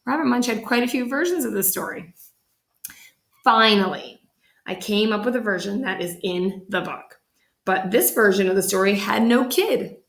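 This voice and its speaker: Woman storyteller, animated picture-book reading with lively pitch leaps, mid-range voice. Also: moderate pace, creaky, echoey room. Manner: animated, voices the characters with big pitch jumps.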